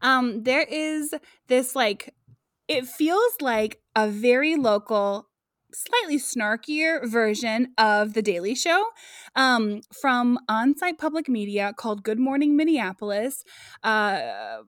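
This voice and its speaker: A chatty woman co-hosts a casual podcast chat, full of fillers, restarts and easy laughter. Her voice sits a little high, and it is recorded close and dry with no room sound. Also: lively intonation, takes it slowly, a bit bright, no room sound. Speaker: podcast co-host.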